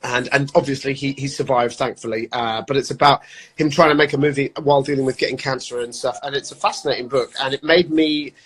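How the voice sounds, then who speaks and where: On a live video call, an actor chats and rambles, often cutting himself off to start sentences over. He talks fast at a medium pitch with fairly even intonation, captured on a low-quality recording.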